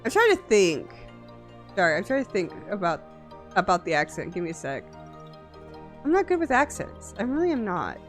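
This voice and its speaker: A woman streamer talks casually to her chat in a playful, giggly way, gushing over what she sees on screen. Her pitch bounces lively up and down, and faint music plays behind her desk mic. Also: moderate pace, long pauses.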